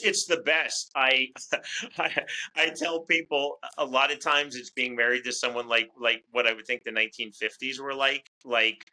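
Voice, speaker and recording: A man talking as a guest in a casual interview, chatty and quick to restart his words. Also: mid-range voice, bright, forceful tone, low-quality recording. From United States. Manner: talkative, repeats words as he restarts. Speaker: fight commentator, interview guest.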